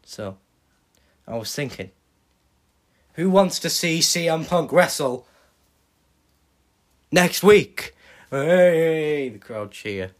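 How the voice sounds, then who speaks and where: Male podcast host, slow-paced animated wrestling recap. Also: on the high side. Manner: hums entrance themes, animated play-by-play. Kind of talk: fantasy booking recap with sung themes.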